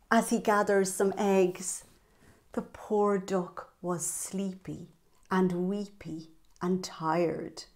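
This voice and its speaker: A woman reading a picture book aloud to young children, animated and sing-song, pointing out the pictures as she goes. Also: mid-range voice, takes it slowly. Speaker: children's storyteller.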